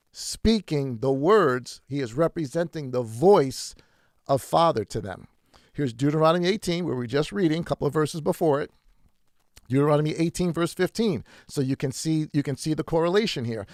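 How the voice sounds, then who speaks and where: A man preaches a sermon in a rising and falling, animated voice that sits a little high. He leans on key words by stretching them out, then rushes through quick asides. The sound is close and dry, with no room echo. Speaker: pastor. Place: church.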